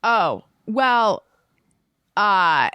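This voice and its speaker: A woman's voice: medium pitch, very animated, drawn-out words, bright, forceful tone, clear, resonant tone, no echo. Female podcast host, dry close sound, easygoing and playful. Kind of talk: casual podcast chat over video call.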